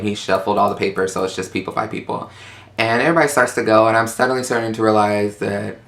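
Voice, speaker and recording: A young man telling a story in casual chat, sassy and animated, acting out quotes in high voices. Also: vocal fry.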